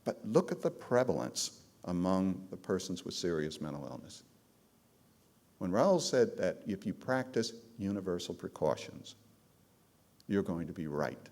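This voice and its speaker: A man's voice: sits low, very animated, unhurried, a little mellow. A man giving a presentation on trauma to a live audience of care providers, telling stories with emphasis and calling out to the crowd. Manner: emphatic storytelling, calls out to the audience. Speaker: trauma trainer.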